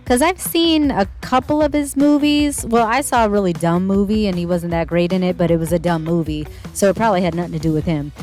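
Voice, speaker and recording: A woman giving a casual, rambling commentary as she reviews a show, full of hedging asides. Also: medium pitch.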